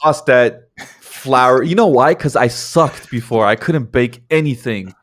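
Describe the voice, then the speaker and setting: A young man co-hosting a podcast in casual chat, teasing his partner and talking with enthusiasm. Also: medium pitch. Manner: teasing, enthusiastic, quick talk. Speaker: podcast co-host.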